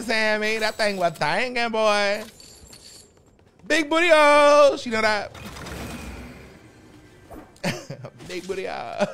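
A man streaming live, bantering with his chat in a loud, sassy, campy way and repeating phrases in bursts. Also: fairly high pitch. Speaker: livestreamer.

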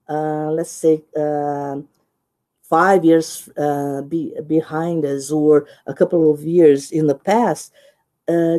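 A woman with a Brazilian accent presents at a teaching conference, speaking slowly and explaining step by step. Her voice is mellow and dark, sitting a little low, and she keeps checking in with her listeners with "right?" and "okay?". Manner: explanatory, with many "uh" pauses.

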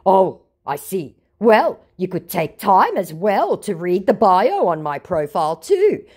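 A woman's voice: medium pitch, big pitch swings, unhurried, a little mellow, husky, voice pushed up. A woman voicing a pushy, defensive male online scammer, reading his messages aloud in an indignant, wheedling way.

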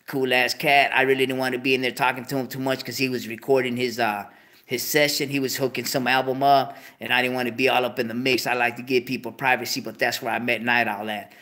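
A man hosting his own show, ranting casually to viewers in street slang, cursing heavily, with animated outbursts. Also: medium pitch, fast. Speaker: show host. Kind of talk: casual profane rant to viewers.

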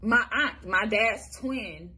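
A young woman from Michigan, USA, talks to the camera about her life in a blunt, profanity-laden, halting way, repeatedly restarting. Her mid-range voice has a sharp tone and a slight roughness.

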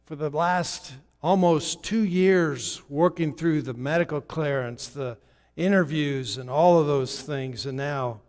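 A man preaching a sermon in a church, telling a story in a loose, conversational way with halting restarts. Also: on the high side, a little mellow. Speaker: guest preacher. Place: church sanctuary. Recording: long hall reverb.

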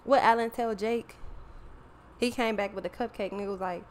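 A woman's voice: medium pitch, fairly even intonation, moderate pace, pauses often, slight background noise. A woman hosting a show, talking in a blunt, profane, exasperated casual rant. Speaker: podcast host. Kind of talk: casual ranting monologue.

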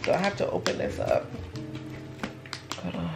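A woman, gushing and gasping excitedly while unboxing gifts at home in a casual vlog. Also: moderate pace, music in the background. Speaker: vlogger.

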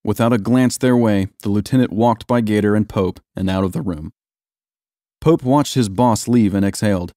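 A man reading a story aloud in steady, even scripted narration. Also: on the low side, moderate pace, no echo, clean studio sound.

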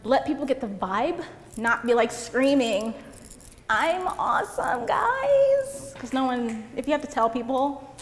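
Young woman, high voice, giggly, chatty, casual seminar talk, long hall reverb. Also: moderate pace. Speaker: seminar speaker. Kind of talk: casual presentation to an audience. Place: seminar room, on stage. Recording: reverberant hall with faint room noise.

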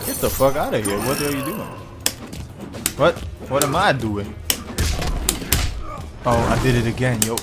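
A man giving casual, excitable, profane commentary while playing online ranked fighting-game matches. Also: mid-range voice, unhurried, long pauses. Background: fighting game music and sound effects.

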